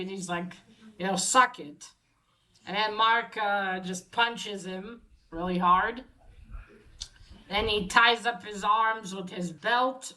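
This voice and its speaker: A woman's voice: medium pitch, pushed and bright, poor audio. A woman casually retelling a story in a rambling, hesitant way, with many fillers and self-corrections. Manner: chuckles while retelling. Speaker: host recapping a story.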